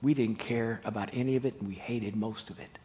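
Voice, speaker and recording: A middle-aged man as pastor, preaching a sermon in a conversational, animated storytelling way. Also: on the low side, brisk.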